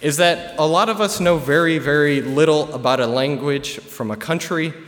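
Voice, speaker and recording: A young man giving a relaxed, chatty presentation to a live audience, with plenty of filler words. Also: fairly high pitch, normal speed. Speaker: student presenter. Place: large hall with an audience. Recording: long hall reverb.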